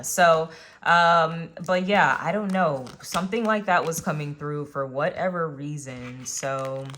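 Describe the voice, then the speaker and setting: A young woman with a deep, slightly bright voice does a casual tarot reading, chatting straight to her viewers and filling her talk with lots of ums and uhs. There's a little background noise.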